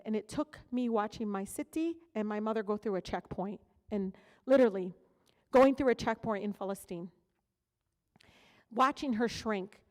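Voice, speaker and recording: A middle-aged woman from Detroit giving a keynote speech, telling personal stories in a candid, conversational way with frequent fillers and asides. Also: medium pitch. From Detroit, USA. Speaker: keynote speaker. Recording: long reverb of a large hall.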